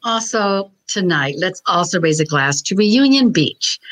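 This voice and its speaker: A woman co-host chatting warmly and thanking supporters. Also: lowish voice, expressive, a little slow, a little hiss or hum, poor audio. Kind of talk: casual chat.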